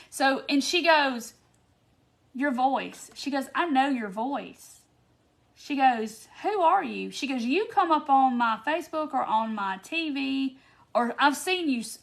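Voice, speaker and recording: A woman's voice: high voice, a bit bright. A woman, chatting in a casual craft livestream while she works and tells stories to her viewers. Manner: chatty, storytelling, says "y'all". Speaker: craft host.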